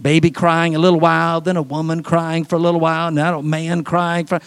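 Man preaching, pastor, folksy delivery, slightly high voice, quick asides. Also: level tone, clean tone. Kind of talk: sermon.

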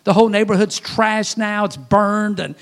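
A man from Louisiana, preaching a sermon in a folksy storytelling manner, piling up rhetorical questions and swinging between loud and hushed delivery. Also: high voice, moderate pace. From Louisiana, USA.

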